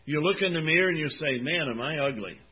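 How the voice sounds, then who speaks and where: A husky-voiced man in his seventies delivers a sermon, pitched a little high for his age. He speaks earnestly and plainly, slowing down to stress key words. The recording is thin and tinny, like a phone line. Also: expressive. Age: 70s. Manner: earnest, folksy, slow deliberate emphasis. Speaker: pastor.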